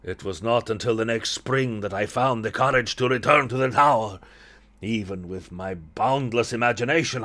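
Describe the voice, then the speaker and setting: Man reading an earnest young guy telling a spooky folk tale, solemn, kinda measured. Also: mid-range voice, a bit bright.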